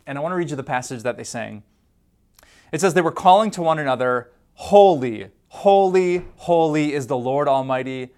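A man preaching a devotional sermon in a conversational, playful way, stacking emphatic lists and breaking into laughs. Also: mid-range voice. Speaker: pastor.

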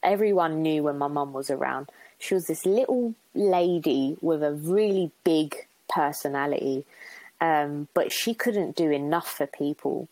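A woman's voice: deep voice, unhurried, a little mellow, dry recording, rough recording. A young woman, a podcast guest, talking openly and from the heart, with lots of fillers and restarts. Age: young adult. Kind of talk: reflective podcast conversation.

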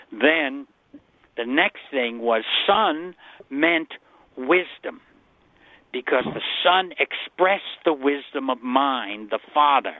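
This medium-pitched man is a guest Bible scholar on a call-in radio show, answering callers over a dry phone line. He explains scripture earnestly, repeating himself and often restarting his sentences.

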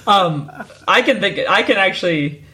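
A man's voice: sits high, expressive, normal speed, sharp tone, low-quality recording. A man hosting a podcast, easygoing and asking his guest questions in a casual interview. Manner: easygoing, asks questions, short agreeing replies. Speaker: podcast host.

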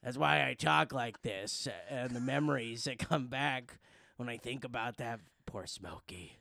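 A man putting on a raspy, grieving old elf. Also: medium pitch, unhurried, sharp tone, no echo, studio quality, pitched below the performer's own voice. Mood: mournful. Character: gravelly, mournful old elf man who sounds like a chain smoker.

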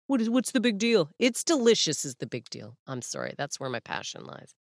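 A young woman from Canada, a comedian guest on a podcast, joking and chatting in an animated, rambling way. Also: on the low side, fairly quick, gravelly, hardly any pauses, slight background noise. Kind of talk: casual chat.

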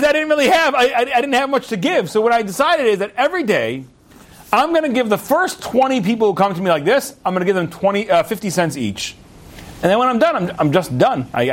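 A young American man giving a storytelling Torah talk, chatty and animated, with restarts and asides. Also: sits high. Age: young adult. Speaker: rabbi.

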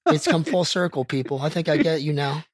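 A man's voice: a little high, brisk, dry recording. A man co-hosting a podcast, running a playful quiz and teasing his co-host in casual chat.

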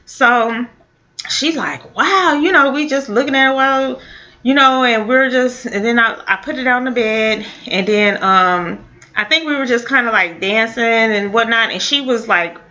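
A woman telling a personal story in a casual, halting way, with many fillers and restarts. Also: a little high, bright, forceful tone. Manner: halting, full of fillers and restarts, laughs now and then. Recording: dull lo-fi audio.

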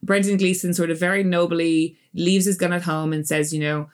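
A woman talking casually as a podcast guest. She retells a film in an animated way and slips into the voices she quotes. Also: fairly low pitch, normal speed. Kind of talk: casual chat.

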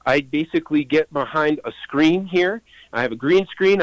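A man's voice: a little high, no room sound, poor audio. A man who is a puppeteer and show creator, explaining his work earnestly and enthusiastically as an interview guest.

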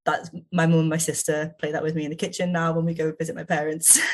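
A woman's voice: low-pitched, level tone, brisk. A woman improv performer being interviewed, chatting eagerly and laughing often. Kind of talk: casual chat.

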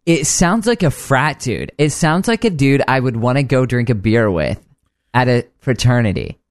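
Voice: medium pitch, expressive, moderate pace, no room sound. Playful radio co-host, dry sound. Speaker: show co-host. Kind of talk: talk radio banter.

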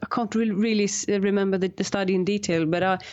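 A woman's voice: medium pitch, fairly even intonation, fast, a little mellow. A woman being interviewed about her work, talking casually with frequent laughs and restarts. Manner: laughs often, many restarts and fillers. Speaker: guest, science communicator. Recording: slightly dull lo-fi audio.

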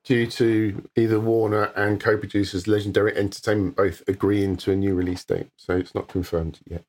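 A man's voice: fairly low pitch, little pitch movement, a little fast, darkish tone. A man on a podcast reading out film news items in a matter-of-fact way.

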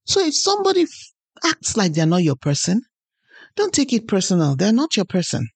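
A woman's voice: mid-range voice, huge pitch swings, fairly quick, husky, no echo. A woman hosting a podcast, giving an earnest motivational talk and telling personal stories. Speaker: podcast host.

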